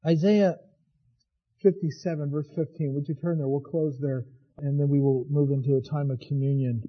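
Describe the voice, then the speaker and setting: A man preaching a sermon as pastor, swinging from hushed to loud. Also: fairly high pitch, fairly even intonation, normal speed, slightly rough, highs cut off.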